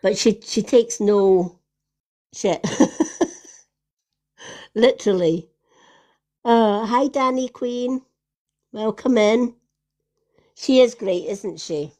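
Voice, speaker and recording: A woman gives card readings to her live stream audience. She speaks slowly in a soft, mellow voice. Her tone is soothing and affectionate. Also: mid-range voice. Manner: soothing, affectionate, calls people lovely and honey. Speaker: tarot reader hosting a live stream.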